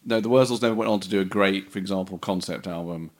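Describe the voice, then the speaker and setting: A man co-hosting a podcast in loose, casual chat. He rambles, breaks off mid-sentence, circles back, and laughs easily. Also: sits low. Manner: rambling, self-interrupting, quick to laugh. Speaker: podcast co-host.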